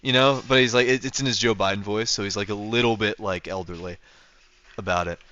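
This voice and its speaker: Bright, rambling male streamer. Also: lowish voice, steady tone, brisk, dull audio. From North America. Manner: rambling, full of fillers and restarts, chuckling often. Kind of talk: casual livestream chat.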